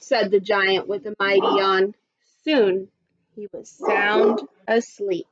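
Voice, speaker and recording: Woman teacher reading a storybook aloud, slow and expressive, muffled recording. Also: mid-range voice. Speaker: primary school teacher.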